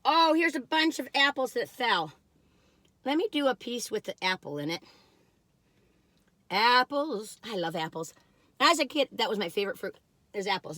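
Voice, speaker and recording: A middle-aged woman chatting casually and excitedly as she taste-tests and reviews cookies, talking while she eats. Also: medium pitch, dry recording. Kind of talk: casual taste-test chat.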